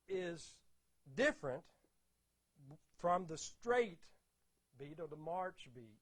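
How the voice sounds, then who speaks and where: A man giving an explanatory talk about rhythm. He repeats key words emphatically and counts out beats aloud. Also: fairly high pitch. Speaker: music teacher giving a talk.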